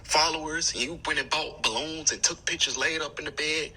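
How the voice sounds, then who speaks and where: A man's voice: on the high side, fairly quick, bright, forceful tone, husky, rough recording. A man arguing back defensively in blunt, slangy talk. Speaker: rapper in a feud. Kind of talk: defensive argument.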